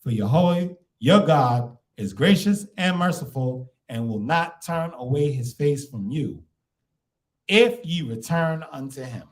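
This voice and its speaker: A man's voice: mid-range voice, expressive, a little slow. A man teaching a congregation through a scripture lesson, asking the class questions and acting out the people in the text.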